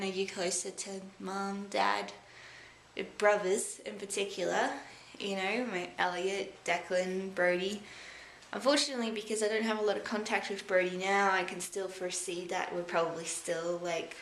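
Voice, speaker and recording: Young Australian woman, thoughtful and halting, talking to camera in an echoey room. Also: medium pitch, a bit bright. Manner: rambling, reflective, halting with many fillers. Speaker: vlogger. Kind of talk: rambling personal time-capsule vlog. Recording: echoey room with faint background noise.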